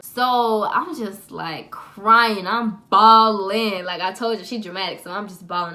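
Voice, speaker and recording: A woman's voice: medium pitch, a little fast, hardly any pauses, sharp tone. A young woman vlogger telling a personal story to camera in a chatty, profane, dramatic way.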